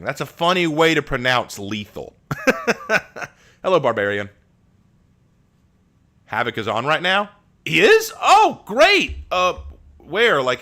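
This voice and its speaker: Male streamer, casual live chat, bright tone, jokey and quick to laugh. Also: medium pitch. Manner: chatty, joking, laughs often, restarts words.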